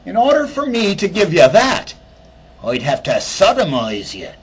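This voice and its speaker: A cheeky little leprechaun with a lilting Irish accent, as a man puts him on. The voice sits high above the teller's own and comes out loud and boastful, full of sly confidence. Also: huge pitch swings, measured pace, breathy edge, exaggerated voice.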